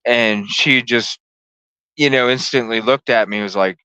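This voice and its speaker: Profane, animated male podcast host. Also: mid-range voice, normal speed, clean tone, no room sound. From lived in Chicago. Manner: animated, profane, acts out voices in the story. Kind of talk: casual storytelling.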